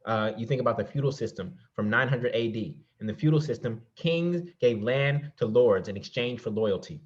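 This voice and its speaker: A man of mid pitch delivers a motivational real estate talk with a preacher's push, firing rhetorical questions at his listeners and calling them "y'all". The recording sounds a little dull and lo-fi. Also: normal speed. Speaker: real estate investing coach. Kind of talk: motivational presentation.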